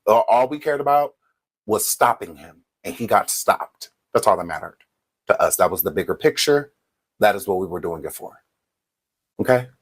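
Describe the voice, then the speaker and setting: Husky low-voiced man hosting a livestream. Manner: talks straight to viewers, checks in with "okay?". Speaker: livestream host. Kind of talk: casual livestream talk.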